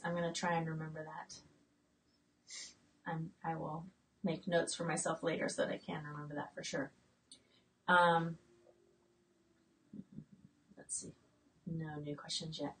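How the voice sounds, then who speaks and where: A woman's voice: on the low side, far from the mic, poor audio. A woman in her late forties hosting a casual live-stream chat from her homestead, reading out viewer comments with plenty of fillers and restarts. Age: late 40s. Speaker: homestead channel host.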